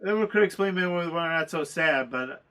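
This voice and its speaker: A man co-hosting a casual movie review chat, chiming in with quick remarks. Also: a little high, animated, bright, forceful tone, clean tone. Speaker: co-host.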